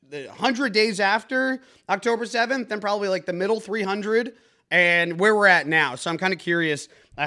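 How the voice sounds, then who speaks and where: A young adult man hosting a comedic news podcast, riffing sarcastically with an energetic, mock-announcer delivery. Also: on the high side. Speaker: comedy news show host.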